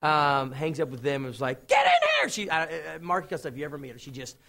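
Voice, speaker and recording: A man's voice: medium pitch, fast. A young adult man, a TV host, telling stories from his career in a casual interview, acting out what others said. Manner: lively storyteller acting out quotes.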